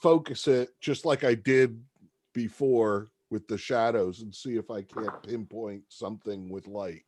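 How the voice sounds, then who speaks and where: A man's voice: lowish voice, steady tone, a little slow, a little mellow. A man playing a tabletop role-playing game, speaking hesitantly with restarts and playful swearing. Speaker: player. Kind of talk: casual tabletop play.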